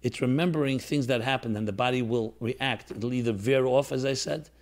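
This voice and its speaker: A man's voice: medium pitch, a little fast. A man, a rabbi, telling a personal story to his listeners in an earnest, reflective way, with restarts and fillers. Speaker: rabbi teaching a class.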